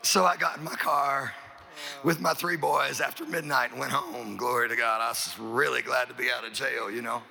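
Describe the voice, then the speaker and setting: A man's voice: mid-range voice, fairly even intonation, moderate pace, vocal fry, pushed and bright. A middle-aged man, a pastor, telling a long folksy story in a sermon, rambling and repeating his words.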